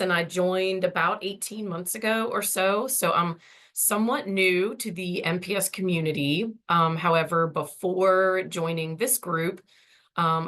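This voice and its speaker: Hoarse woman presenting over a call. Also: on the low side, fairly bright tone. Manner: friendly, chatty, many ums. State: losing her voice. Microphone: video call.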